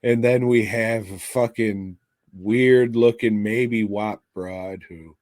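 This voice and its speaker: A man's voice: lowish voice, fairly even intonation, slow pace, darkish tone, no echo. A man co-hosting a podcast, reviewing a movie in casual chat with crude, sarcastic, swear-heavy remarks. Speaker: podcast co-host. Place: podcast studio.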